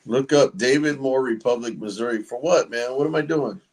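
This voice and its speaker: A man's voice: mid-range voice, normal speed. A man hosting a casual livestream, chatting loosely and joking with viewers and guests. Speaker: livestream host.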